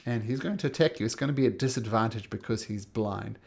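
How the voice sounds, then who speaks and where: A man narrating as game master of a tabletop game, calling rolls and describing the action with quick asides. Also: fairly low pitch, creaky, a little mellow, slightly rough. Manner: quick, laughing rules talk.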